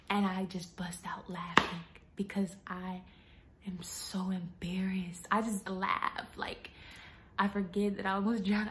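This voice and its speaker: A young woman tells her viewers a story in a chatty, dramatic way. Her voice sits at an ordinary middle pitch, and she often drops to a hushed whisper. A faint noise hums in the background. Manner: chatty, addresses viewers as y'all. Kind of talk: casual storytelling vlog.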